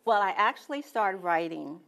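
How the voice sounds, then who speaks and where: A woman's voice: mid-range voice, animated, moderate pace, gravelly, fairly bright tone. A woman in her sixties from North Carolina, a poet guest telling plainspoken anecdotes in an interview. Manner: plainspoken, anecdotal, acts out quoted speech. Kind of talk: casual storytelling interview.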